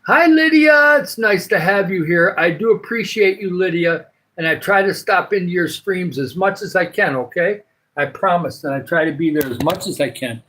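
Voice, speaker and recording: Older Michigan man, livestream host, meandering casual chat, filler-heavy, voice sits a bit high. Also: moderate pace, sharp tone, poor audio. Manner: rambling, many filler uhs. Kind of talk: casual live chat with viewers.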